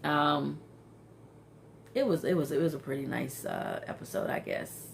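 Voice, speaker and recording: A woman vlogger recapping a reality TV episode in a casual, animated way, often exclaiming in disbelief and saying um a lot. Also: low voice, measured pace, vocal fry, slight background noise.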